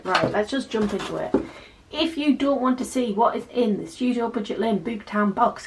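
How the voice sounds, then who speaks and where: A channel host in her twenties from North East England, with that region's accent, chats casually to her viewers during an unboxing vlog, dropping wry asides. Her voice is a little high and her pace moderate, over a noisy background.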